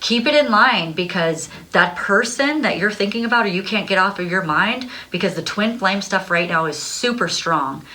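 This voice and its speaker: A woman's voice: mid-range voice, lively intonation, normal speed, hardly any pauses, sharp tone. A young adult woman giving a casual tarot reading, bubbly and breathless, laughing often as she talks. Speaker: tarot card reader.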